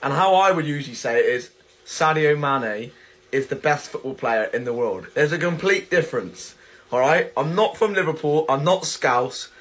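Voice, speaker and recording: A man with a fairly high voice talks casually to his viewers. He explains himself in a matter-of-fact, amused way. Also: expressive, moderate pace, fairly bright tone.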